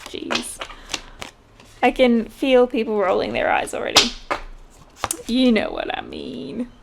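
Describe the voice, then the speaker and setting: A woman giving a casual tarot reading, chatty and quick to laugh. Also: a little high, huge pitch swings, vocal fry, noisy background. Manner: chatty, laughs often, mimics voices in quotes. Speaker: tarot reader.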